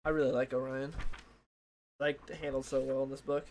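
Late at night, a weary young man meanders through a comic book review, losing track and leaning on fillers like "like" and "uh." He speaks at normal speed in a mid-range, flat, slightly mellow voice over faint background noise.

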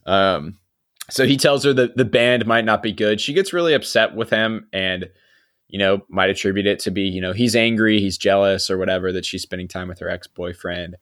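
Chatty young man, low voice. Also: normal speed. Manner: relaxed, chatty, laughs often, trails off quietly. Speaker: podcast host. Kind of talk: casual chat recapping a TV episode.

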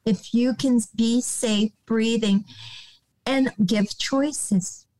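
An older American woman speaks slowly and gently in a podcast chat, her voice pitched a little high. She searches for words with many "you know"s and sometimes drops to a near whisper. The sound is close and dry. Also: no room sound, low-quality recording. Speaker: guest, nonprofit director. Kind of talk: podcast interview, calm advice.

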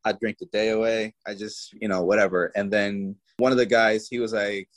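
Low-voiced man telling a story. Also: moderate pace, low-quality recording. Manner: animated storyteller, voices people in his story. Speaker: guest. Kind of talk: storytelling interview.

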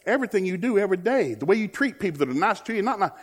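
Husky preacher, joking. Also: male voice, sits high, very fast. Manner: lively, joking, mimics whiny voices. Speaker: guest preacher. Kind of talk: sermon.

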